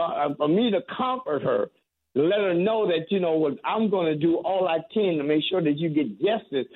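A man's voice: sits high, breathy edge. Earnest man on a tinny phone line. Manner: earnest, halting with repeated restarts. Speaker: reverend, radio guest. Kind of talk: call-in radio talk.

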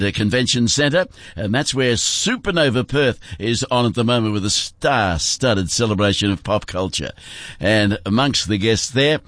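A man's voice: fairly low pitch, fairly bright tone, no room sound. An older Australian man hosting a radio interview, chatty with lots of "uh"s and laughs, on a studio mic. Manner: chatty, laughs often, many fillers. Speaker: radio host.

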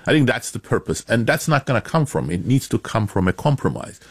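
A man, an author and academic, answering interview questions in a measured, explanatory way with bursts of emphasis. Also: mid-range voice, big pitch swings, slightly rough, no room sound, clean studio sound.

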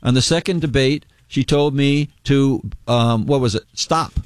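A man speaking as a state governor on a radio show, defending himself haltingly with many fillers. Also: mid-range voice, smooth, no room sound, studio quality. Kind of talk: radio interview clip.

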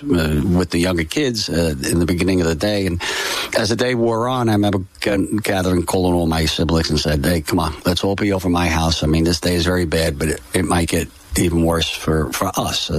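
An older man telling a personal story in an interview, halting and emotional, with many fillers and restarts. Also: sits low, dry recording. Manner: emotional, solemn. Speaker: interview guest.

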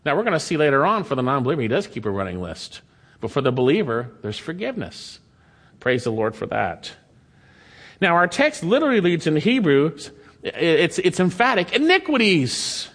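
A man's voice: a little high, sing-song, a little fast, a bit bright. A male pastor delivering a sermon, reading scripture aloud with emphatic rises and sudden drops. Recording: long hall reverb.

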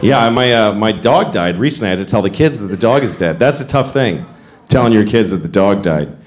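A man doing stand-up comedy, telling a story in an animated way and jumping into high voices to act out scenes. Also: brisk. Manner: animated, acts out voices with big pitch jumps. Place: comedy stage before a live audience. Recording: echoey venue with audience noise.

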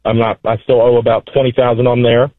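A man's voice: medium pitch, little pitch movement, fast, dry recording. A young man calls in over a tinny phone line. He talks hesitantly, full of fillers, and the sound is dry. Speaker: caller. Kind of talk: phone call to a radio show.

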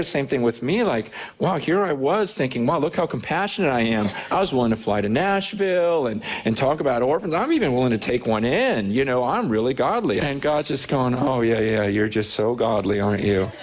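A man preaching, telling a personal story in an earnest, animated way. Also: mid-range voice, breathy edge. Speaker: pastor. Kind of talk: sermon storytelling.

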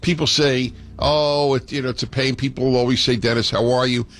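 A middle-aged man hosting a call-in radio talk show, animated and given to playful lecturing. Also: medium pitch, fairly quick.

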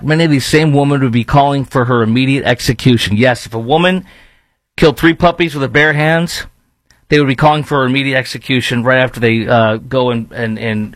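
A blunt commentary host with a Chicago accent, a man who rambles and restarts as he speaks. His voice sits at an ordinary pitch for a man. The recording is dry and close, with no room sound. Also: no room sound. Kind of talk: opinionated commentary.

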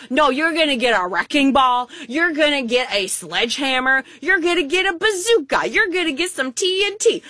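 A woman's voice: high-pitched, dry recording. A woman preaching a sermon, mixing scripture with playful, exaggerated stories. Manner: animated, playful, vivid exaggeration. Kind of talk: sermon with humorous storytelling.

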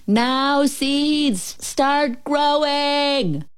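A woman's voice: fairly low pitch, lively intonation, unhurried, slightly rough. Woman doing a fussy, fretful toad from a storybook. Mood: earnest. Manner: fretful, wailing when upset. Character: fussy anxious male toad who lives by lists.

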